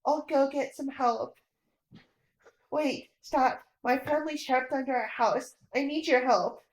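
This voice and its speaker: Woman playing a stubborn young boy, high voice, blunt, urgent, very slow, echoey room.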